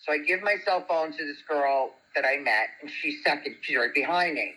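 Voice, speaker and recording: A woman, a guest telling a story in animated, chatty talk. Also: low voice, moderate pace, slightly rough, rough recording. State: single parent. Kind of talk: casual storytelling chat.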